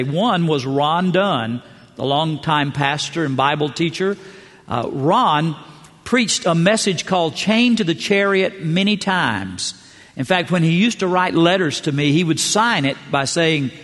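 A man's voice: a little high, fairly bright tone. Middle-aged male pastor in echoing hall. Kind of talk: sermon. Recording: long church hall reverb.

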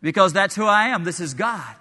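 A man voicing God in a sermon story, speaking calmly and steadily. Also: sits high, brisk, big-room sound, pitched above the performer's own voice, exaggerated voice. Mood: reassuring. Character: calm reassuring voice of God.

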